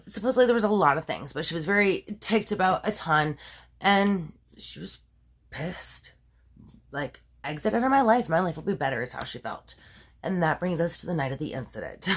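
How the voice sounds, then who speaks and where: A woman's voice: fairly low pitch, fairly bright tone. A woman casually retelling a true crime story, chatty and full of asides, laughing at her own dramatic telling.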